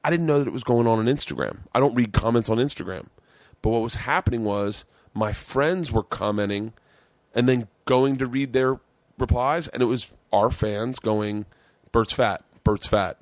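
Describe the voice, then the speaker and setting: A man's voice: mid-range voice, normal speed, no echo. A middle-aged man hosting a podcast in casual chat, telling stories with lots of laughter, swearing freely and acting out what other people said. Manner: animated storytelling, acts out quotes, laughs often, swears freely. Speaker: podcast host, comedian.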